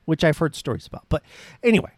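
Fast and animated, a man with a fairly high voice runs through a film's plot on his review podcast, eager and meandering, full of fillers and false starts. The recording is studio quality with no echo.

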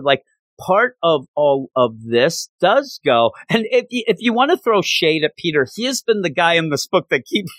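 A man's voice: sits high, fairly bright tone, no echo. A man casually reviewing a comic book, rambling through a chatty retelling of the story with lots of fillers.

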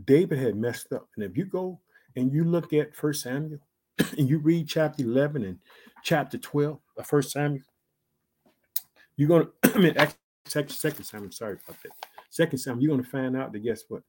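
Male preacher, online sermon, husky and mellow, emphatic, loud-soft swings, slow drawn-out phrases. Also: a little high. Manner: emphatic, repeats "guess what" and "check it out"; drawls key phrases slowly.

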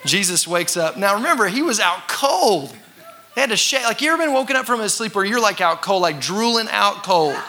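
A man preaching a sermon to a congregation, talking conversationally, acting out voices and sometimes shouting for effect. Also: sits high, animated, a little fast, a little hiss or hum. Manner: conversational with congregation call-and-response. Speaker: pastor.

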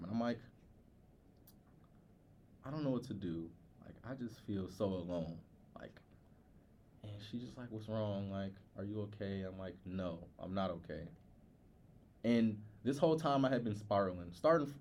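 Low-voiced young man telling a personal story. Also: a little mellow. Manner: candid, halting, many "like" fillers. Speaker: podcast co-host.

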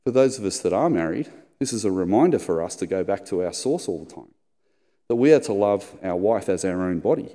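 A middle-aged man preaching a sermon as a pastor, telling personal stories and putting on squeaky voices in them. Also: expressive, fairly quick, dark tone. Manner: storytelling, acts out squeaky high voices in anecdotes. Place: church hall. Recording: long hall reverb.

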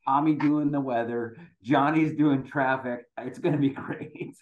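A man's voice: medium pitch, measured pace. A man co-hosting a podcast in casual chat, joking wryly. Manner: wry, jokey, animated. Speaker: podcast co-host. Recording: tinny phone-like line with echo.

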